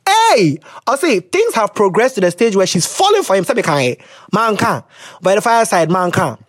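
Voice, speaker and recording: Young podcast host, animated and swearing freely, dry close mic. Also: mid-range voice, a little fast, no room sound. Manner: animated, laughing, swearing, switching into local phrases. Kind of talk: casual chat reading listener letters.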